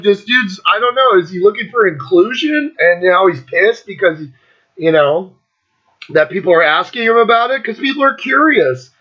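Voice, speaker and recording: A man's voice: high-pitched, lively intonation, normal speed, muffled recording. A man in his fifties hosting his own show, ranting bluntly and mockingly, swearing freely and laughing often. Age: 50s. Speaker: podcast host. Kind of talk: profane rant.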